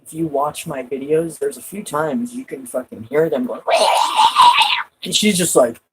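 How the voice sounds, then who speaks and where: A woman's voice: low-pitched, normal speed, a little hiss or hum, poor audio. A woman vlogging from home in casual rambling chat, swearing a lot and laughing often.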